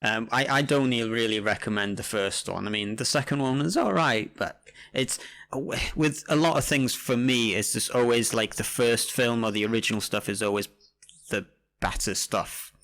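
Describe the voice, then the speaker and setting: A man's voice: mid-range voice, normal speed, fairly bright tone. A man co-hosting a podcast, rambling through a film recommendation with lots of hesitation. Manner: rambling, hesitant, many fillers. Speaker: podcast co-host. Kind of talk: casual chat.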